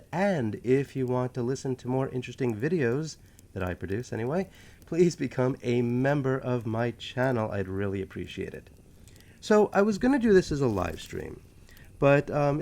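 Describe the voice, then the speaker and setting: A man's voice: medium pitch, vocal fry, darkish tone. A man with a New York accent, hosting his history channel in a chatty, joking monologue full of self-aware asides. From New York City. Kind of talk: casual rambling monologue.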